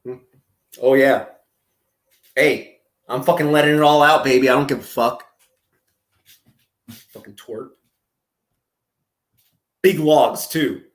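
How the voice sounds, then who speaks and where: A man's voice: mid-range voice, steady tone, moderate pace, long pauses. A man hosting a profane, comedic reaction video, crude and mocking, full of scattered asides. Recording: echoey room.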